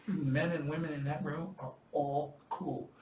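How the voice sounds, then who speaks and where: A man in his seventies telling war-veteran stories in casual chat, profane and animated. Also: fairly high pitch, measured pace, reverberant, far from the mic, a little hiss or hum. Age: 70s. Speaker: veteran storyteller.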